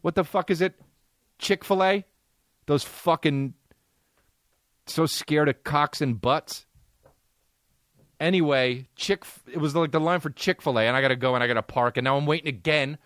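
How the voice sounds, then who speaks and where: A man's voice: on the high side, normal speed, pauses often, a bit bright, dry recording, studio quality. A man in his thirties, a comedian and podcast host, telling a rambling, profane comic story.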